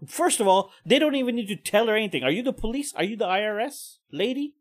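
A man's voice: high-pitched, lively intonation, fast talker, few pauses. A man hosting a podcast, giving profane, heated, mocking commentary. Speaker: podcast host. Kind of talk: ranting commentary.

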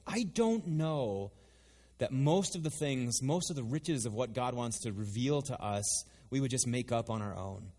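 Animated preacher in a reverberant hall. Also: male voice, medium pitch, unhurried. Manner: animated, conversational preaching with playful asides. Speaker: pastor. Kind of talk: sermon.

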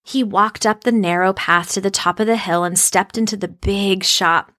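A woman reads a children's story aloud, shaping each line in an expressive storytelling way. Her voice sits at an ordinary middle pitch. The recording is dry and close, with no room sound. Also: normal speed, no room sound. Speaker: narrator.

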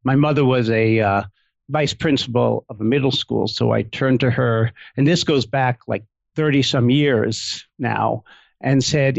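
Middle-aged man, gravelly fry, dry close sound, reflective easygoing storyteller. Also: medium pitch, measured pace, dry recording, muffled recording. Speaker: couples therapist, guest. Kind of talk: casual interview chat.

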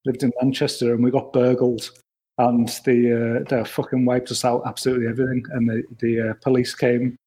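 A man's voice: mid-range voice, level tone, brisk, warm tone, husky, poor audio. A man co-hosting a casual chat, telling stories with stammered restarts and swearing. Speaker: podcast co-host.

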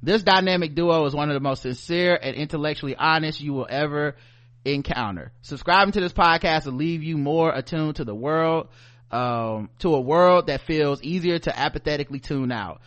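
Man, Southern US accent, podcast co-host, fairly high voice, animated, joking. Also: moderate pace. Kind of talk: casual chat.

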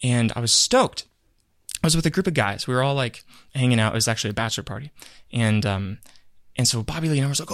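Speaking quickly in a medium-pitched voice, this male podcast co-host spins a story in casual chat and acts out the quotes with animation. The studio-quality audio has no room sound.

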